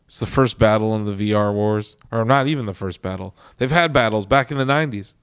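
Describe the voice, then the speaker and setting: Smooth-voiced man explaining in casual chat. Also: lowish voice, a little fast, a bit bright. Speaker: podcast co-host.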